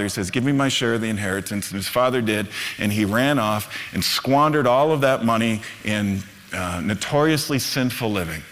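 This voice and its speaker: A man's voice: fairly low pitch, a bit bright, big-room sound. A middle-aged man, a Lutheran pastor, preaching a storytelling sermon that builds to fervent emphasis. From United States.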